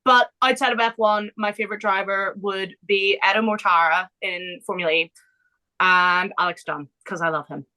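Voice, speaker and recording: A woman hosting a podcast in casual chat, bubbly and quick to laugh. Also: mid-range voice, fairly even intonation, bright, forceful tone, rough recording. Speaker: podcast host.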